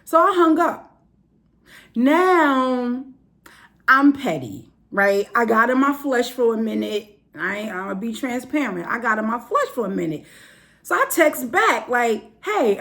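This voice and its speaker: Animated woman from New Jersey, high lively voice. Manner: animated, acts out every voice in the story, exclaiming; casual slang, addresses listeners as y'all. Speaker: host. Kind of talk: storytelling monologue.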